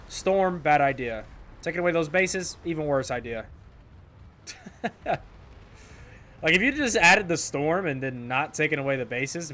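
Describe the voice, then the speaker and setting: A man's voice: medium pitch, bright, forceful tone, a little hiss or hum. Exasperated young man on gameplay commentary. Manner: exasperated, sarcastic, frequent outbursts. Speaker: gaming YouTuber.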